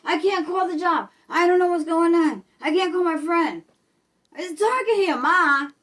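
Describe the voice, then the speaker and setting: A woman putting on a frantic grown child, pitched far above her usual speech and loud, stammering and whining as each new worry comes up. The voice sits a bit back from the mic. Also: a little slow. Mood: panicky. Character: panicky grown child begging mom for help.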